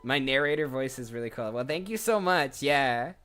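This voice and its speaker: A man's voice: medium pitch, lively intonation, normal speed, pushed and bright, smooth, faint music behind. A man who voices characters, chatting casually on a live stream and thinking aloud as he goes. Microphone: desk microphone.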